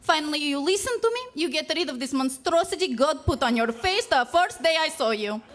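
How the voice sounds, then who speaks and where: Tactless Russian-accented mother, put on by a woman storyteller; high, matter-of-fact, broken English. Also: lively intonation, fairly quick, a bit bright. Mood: blunt, dismissive. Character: blunt tactless middle-aged Russian mother. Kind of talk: comic live storytelling.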